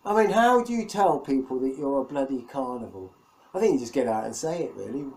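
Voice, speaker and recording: A man's voice: mid-range voice, expressive, fairly quick, darkish tone, rough recording. A middle-aged man from England, rambling and self-mocking in a casual video diary, laughing often. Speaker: vlogger.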